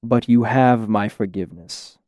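A man doing a soft-spoken menacing shadow lord. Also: fairly low pitch, no echo, clean studio sound, natural voice. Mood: cold, patient. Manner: slow, soft, carefully measured menace. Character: cool, patient, menacing shadowy male lord.

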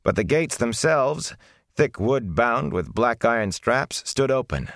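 A man narrating a fantasy novel in a measured, deliberate storytelling manner, recorded on a close mic. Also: mid-range voice, lively intonation, vocal fry, a bit bright, no echo. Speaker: audiobook narrator.

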